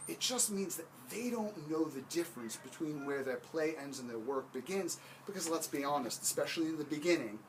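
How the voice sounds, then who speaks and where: A man's voice: mid-range voice, a little hiss or hum, rough recording. A man giving a motivational talk about hiring, emphatic and punchy, telling stories.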